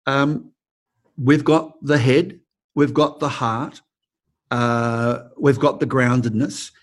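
A man's voice: mid-range voice, slow pace. A middle-aged Australian man with an Australian accent, an acting teacher answering interview questions, telling stories expressively with frequent restarts. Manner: expressive, acts out quoted people, frequent restarts.

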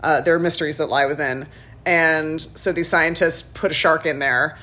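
A woman's voice: low voice, steady tone, normal speed, bright, forceful tone. Chatty woman, rambling storyteller. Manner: rambling storyteller, many restarts and "like". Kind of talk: casual chat.

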